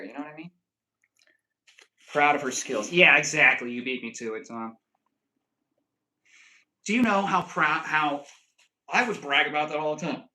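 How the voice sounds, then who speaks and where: A young man chatting casually with his stream viewers and rambling through animated stories full of fillers. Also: on the high side, low-quality recording. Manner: rambling, animated storytelling full of "like" and "you know".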